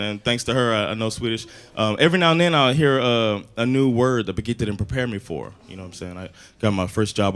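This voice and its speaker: A man doing a stand-up comedy set, telling animated stories and slipping in Swedish phrases and big impressions. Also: lowish voice, clear, resonant tone. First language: English. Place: comedy club stage before a live audience. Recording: live club recording with audience laughter and noise.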